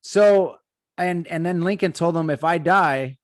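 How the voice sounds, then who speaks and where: Hesitant man, higher voice, dry sound. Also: unhurried, no echo. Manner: hesitant reading-style recounting with fillers, addresses listeners as guys. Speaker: podcast host. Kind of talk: casual podcast chat.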